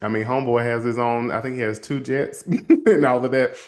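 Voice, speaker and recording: A man hosting a show and telling a story from his counseling work in a lively, casual way, calling his listeners y'all. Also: medium pitch, normal speed. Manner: animated, addresses listeners as y'all, acts out quotes. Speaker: host and counselor.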